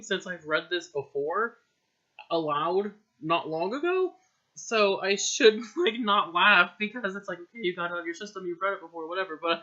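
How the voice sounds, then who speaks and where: Uomo ridacchiante che legge una sua vecchia storia. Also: male voice, high voice, sharp tone. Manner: giggly, self-mocking, swears often. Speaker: reader of his own old story. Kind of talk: casual story reading with comic asides. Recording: dull lo-fi home recording.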